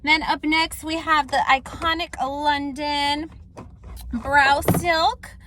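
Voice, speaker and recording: Gushing high-voiced woman unboxing. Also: slow, a little hiss or hum. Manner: gushing, excitable, many fillers. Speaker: beauty vlogger. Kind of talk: casual unboxing chat.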